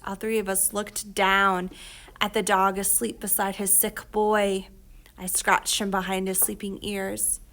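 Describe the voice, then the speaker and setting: A woman narrating an audiobook in a quiet, reflective way, sometimes dropping to a whisper. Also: mid-range voice, flat delivery, measured pace.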